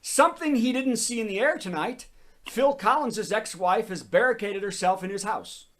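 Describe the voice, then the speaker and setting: A man's voice: high-pitched, normal speed, a bit bright. A man hosting a comedy show over a video call, telling topical jokes and laughing at his own bits.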